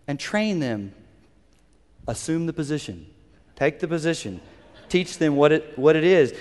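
A man preaches to his congregation in an earnest, instructive way, with a somewhat high voice. Long reverb from a large hall trails each phrase. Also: animated, normal speed, pauses often, a little mellow. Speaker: pastor. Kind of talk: sermon.

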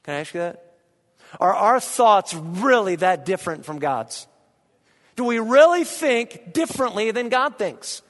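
A man in his thirties preaching a sermon, animated, breaking into shouts, recorded in a large church hall. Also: high voice, unhurried. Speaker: pastor. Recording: long hall reverb.

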